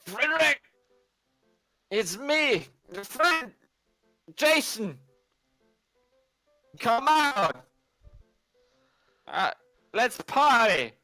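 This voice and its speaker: A rowdy drunken young man bellows through a tabletop game scene, loud and boisterous, his voice pushed up high, with a man doing the part. He comes across as bright and energetic, almost childlike. The sound is dry and close, with no room around it. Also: very slow, clear, resonant tone, no echo, soft background music, full character voice.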